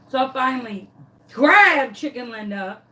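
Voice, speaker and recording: A woman, hosting a craft tutorial and telling a story to her viewers in a dramatic, animated, casual way. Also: a little high, a little slow.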